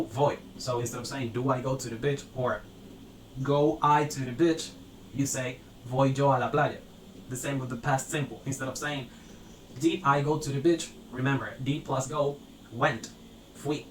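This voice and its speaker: A man at a middle pitch teaches grammar patiently, walking through each example and repeating it. He often checks in with the viewer. His voice carries a roomy echo over a faint background hum. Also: fairly bright tone. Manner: explains step by step, repeating examples and asking "right?". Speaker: language teacher. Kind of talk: grammar lesson. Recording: echoey room, faint ambience.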